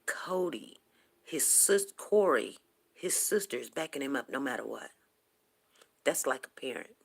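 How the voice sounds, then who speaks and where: A woman in her fifties hosts a casual morning talk livestream, telling rambling, chatty stories to her viewers. Her voice is a gravelly, rumbling low one with lively intonation and a measured pace.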